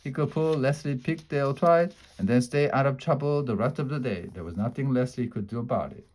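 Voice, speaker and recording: A man reading a children's chapter book aloud in a lively, expressive way. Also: mid-range voice, brisk. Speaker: storyteller.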